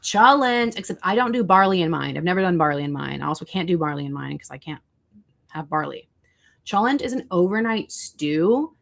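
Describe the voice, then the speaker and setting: A woman's voice: fairly low pitch, creaky. A woman hosting a casual livestream, chatting with viewers and looking up foods online as she talks. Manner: chatty, reacts to chat and searches food online. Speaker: livestream host.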